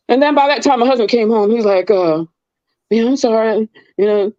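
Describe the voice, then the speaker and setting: A woman's voice: normal speed, dry recording, dull audio. A middle-aged woman in casual chat, telling stories and acting out the people in them with big jumps in her voice. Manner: animated, acts out quoted people with big pitch leaps.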